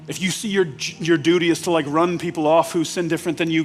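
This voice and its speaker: A man's voice: a little high, steady tone, quick pace, faint music behind. A male pastor preaching in a church, talking plainly to the room and building to urgent, emphatic points. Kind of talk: sermon. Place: church sanctuary.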